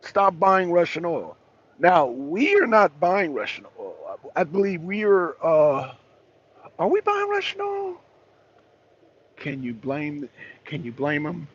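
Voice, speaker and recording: Speaking slowly but very animatedly, a man with a higher, slightly rough voice hosts a casual political talk show. He presses his points emphatically with a caller, often repeating himself and restarting sentences. The audio is dull and lo-fi.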